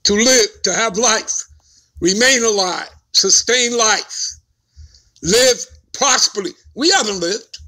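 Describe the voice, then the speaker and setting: A man's voice: sits high, slow pace, bright, forceful tone. A man teaching scripture in a sermon, speaking emphatically and checking in with his listeners again and again. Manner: emphatic, keeps asking "all right?" and "okay?". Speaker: preacher.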